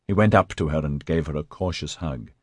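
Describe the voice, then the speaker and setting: A man reading fiction as an audiobook narrator, with an expressive, dramatic storytelling manner. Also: rumbling low, brisk, breathy edge, no echo, clean studio sound. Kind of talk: scripted narration.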